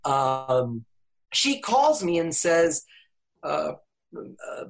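Older man, English professor, animated interview storytelling, fillers and restarts. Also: on the high side, extremely slow, creaky, pauses often.

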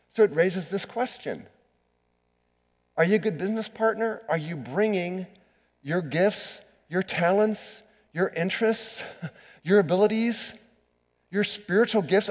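Preaching man in a reverberant church. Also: high voice. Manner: earnest preaching, swings from loud emphasis to hushed. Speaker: pastor. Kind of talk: sermon. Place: church sanctuary.

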